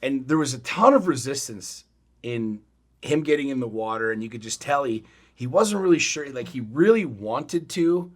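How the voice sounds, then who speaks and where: A middle-aged man co-hosting a podcast, telling a story in a blunt, profane, animated way. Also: medium pitch, moderate pace. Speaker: podcast co-host. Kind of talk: casual chat.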